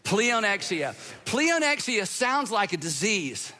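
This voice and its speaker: Middle-aged male pastor, sermon delivery, high and bright, chatty and animated. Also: fairly quick. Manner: conversational, animated, acts out quoted voices.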